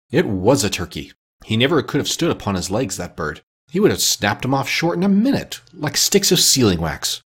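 Husky, lively male storyteller. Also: mid-range voice, normal speed. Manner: lively, expressive reading. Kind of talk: storybook narration.

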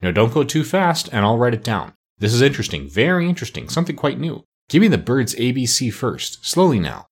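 A gentle, polite country doctor who brightens with eager interest, played by a man. His husky voice leaps up and down as he talks, a storybook gentleman. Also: mid-range voice, fairly quick, few pauses. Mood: earnest. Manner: polite, excitable.

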